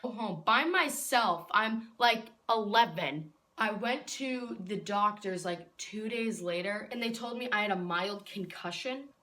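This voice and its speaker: A teenage girl vlogging, telling a story to the camera in a chatty way, filling her speech with "like" and getting loud and indignant at the dramatic parts. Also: mid-range voice, lively intonation, unhurried. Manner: chatty, fills every phrase with "like".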